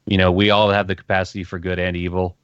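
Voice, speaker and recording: Lower-voiced man on a dull lo-fi mic. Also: little pitch movement, fast, fairly bright tone, clean tone, no room sound. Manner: earnest, rambling, repeats phrases. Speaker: podcast co-host. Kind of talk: casual podcast chat.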